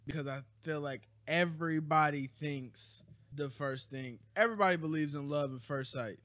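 A man's voice: on the high side, moderate pace, fairly bright tone, dry recording. A man hosting a casual podcast chat, opinionated and teasing, full of slang. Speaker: podcast host.

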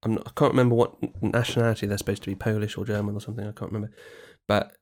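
A man co-hosting a podcast in casual chat, chatty and quick to agree, often restarting his sentences. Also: fairly low pitch, little pitch movement. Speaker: podcast co-host.

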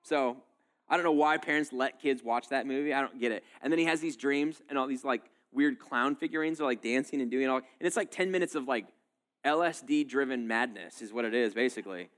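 Animated, chatty male pastor preaching. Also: medium pitch, fairly quick. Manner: casual, animated preaching with many fillers. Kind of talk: sermon.

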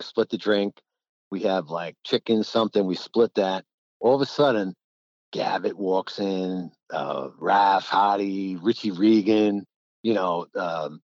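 A man's voice: low voice, darkish tone, dry recording. A middle-aged man, a former college basketball player, telling rambling anecdotes in casual conversation, laughing often and acting out quotes. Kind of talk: casual storytelling. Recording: dull lo-fi, dry.

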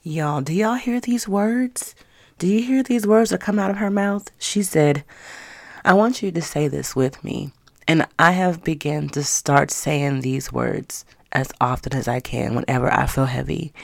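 A woman hosting her own podcast, talking casually and earnestly to encourage her listeners, with drawn-out emphasis. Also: deep voice, creaky, no room sound. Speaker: podcast host. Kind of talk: casual motivational talk.

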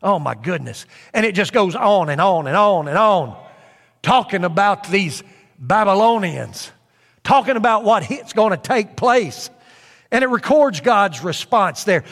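A man's voice: high voice, lively intonation, unhurried, fairly bright tone, big-room sound. A man preaching a sermon in an earnest way, repeating phrases for emphasis with frequent fillers.

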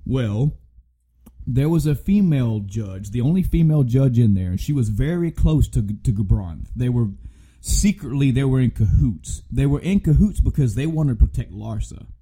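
A man co-hosting a podcast, retelling a game story in a casual, animated way with plenty of swearing and restarts. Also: medium pitch, moderate pace, breathy edge, poor audio. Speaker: podcast co-host.

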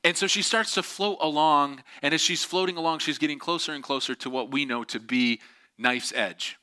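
A man telling a story in a lively way, acting out the voices of the people in it. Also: fairly high pitch, moderate pace, clear, resonant tone. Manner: animated, acts out quoted voices. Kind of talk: storytelling talk.

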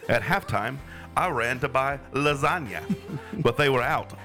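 A man's voice: medium pitch, animated, measured pace, sharp tone. A man reading a silly story aloud in a put-on British accent, laughing as he goes, with music behind him. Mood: giddy. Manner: reading aloud while breaking into giggles.

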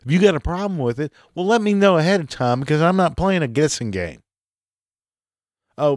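A man's voice: a little high, lively intonation, a little fast, a little mellow, no room sound, studio quality. A man hosting a solo podcast, ranting sarcastically and swearing often. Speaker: podcast host.

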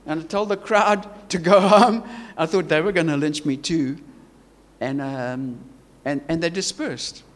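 A man's voice: on the high side, unhurried, long reverb tail. A South African man preaching a sermon, earnest and emphatic, repeating himself and restarting phrases.

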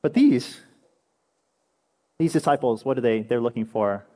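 A young man preaching a conversational sermon as a pastor, telling stories with animated energy. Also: mid-range voice, measured pace. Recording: echoey hall with long reverb.

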